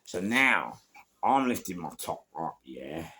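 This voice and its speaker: A middle-aged man with a London accent, telling his life story in an animated, rambling way, full of street slang and acted-out quotes. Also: deep voice, slow, a little hiss or hum. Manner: acts out other people's lines, laughs at his own story.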